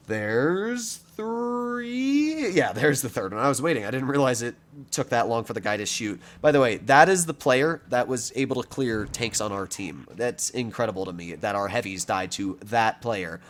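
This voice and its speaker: A young man giving emphatic, argumentative commentary over his own gameplay. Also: normal speed. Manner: lively, animated pitch, argumentative and emphatic. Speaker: gaming commentator.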